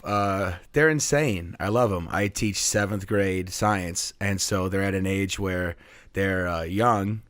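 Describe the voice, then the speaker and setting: A young man, a middle school teacher, telling funny classroom stories in a playful, animated way. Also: low-pitched, dry recording. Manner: playful, acts out voices in his stories. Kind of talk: animated storytelling.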